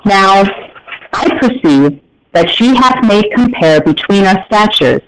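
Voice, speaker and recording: A man reading a jealous young woman, flatly. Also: high voice, background noise, full character voice. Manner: flat reading that pauses at commas and lifts at questions. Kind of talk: plain read-aloud of a verse scene.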